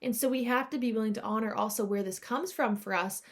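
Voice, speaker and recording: Earnest woman podcast host, slightly high. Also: fast talker. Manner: earnest, confessional, speaks to listeners directly. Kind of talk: personal reflective podcast talk.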